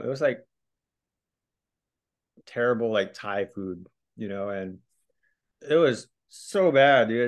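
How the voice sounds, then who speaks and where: A young man from Hawaii, a podcast guest telling stories casually, laughing often, swearing and acting out the lines of others. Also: medium pitch. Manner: animated, laughing, swears often, acts out quotes. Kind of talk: casual storytelling.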